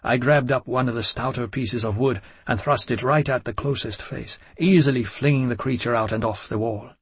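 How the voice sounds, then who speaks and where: Husky male narrator of a gothic novel. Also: mid-range voice, normal speed, no echo. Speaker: audiobook narrator.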